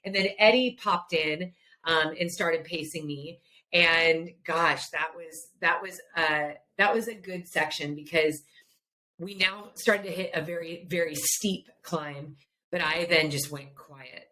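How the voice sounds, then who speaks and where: A woman's voice: deep voice, a little slow. A middle-aged woman hosting a podcast, telling a story in a casual, emphatic way and laughing now and then. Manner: animated, emphatic, laughs while recounting. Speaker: podcast host.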